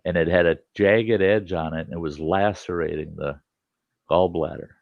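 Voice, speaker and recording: Host type: a low, gravelly man who tells salty, rambling stories in casual chat, on dull lo-fi stream audio. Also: moderate pace, no room sound. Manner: salty, rambling anecdotes with lively quoted voices.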